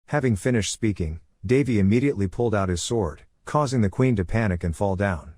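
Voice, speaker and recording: A man reading a manhwa recap as scripted story narration, in a flat, even delivery. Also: lowish voice, fairly quick, few pauses, no echo, studio quality.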